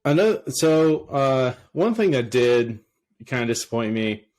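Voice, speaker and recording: A man co-hosting a sports podcast, chatting casually and excitedly with frequent restarts. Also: mid-range voice, a little slow. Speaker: podcast co-host.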